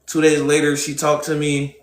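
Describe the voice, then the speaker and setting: A man's voice: fairly high pitch, completely flat delivery, moderate pace. A young man streaming live, casually telling his viewers a personal story in loose, profane street slang and talking straight to them. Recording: roomy echo.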